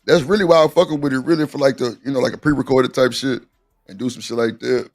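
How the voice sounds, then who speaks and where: A man's voice: mid-range voice, fairly even intonation, fast talker. A man chatting casually in a laid-back, slangy way. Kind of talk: casual chat.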